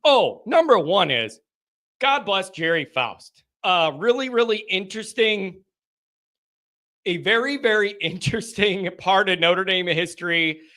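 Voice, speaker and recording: A man hosting a live fan call-in stream, reading viewer comments aloud and ranting in an animated, sarcastic way. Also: high-pitched, unhurried.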